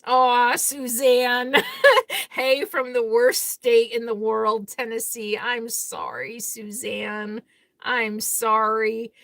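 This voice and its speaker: A woman's voice: on the high side, flat delivery, takes it slowly, a bit bright, no echo. A woman hosting a casual live Q&A stream, reading viewer comments aloud and answering them in a candid, outspoken way with easy laughter. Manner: chatty, candid, laughs easily between remarks; blunt and outspoken.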